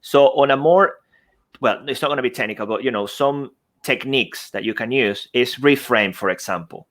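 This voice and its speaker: A man's voice: medium pitch, normal speed, a bit bright. A man speaking English with a non-native accent, a podcast guest and coach who talks emphatically and asks rhetorical questions. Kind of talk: conversational coaching talk. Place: remote podcast setup with desk mic.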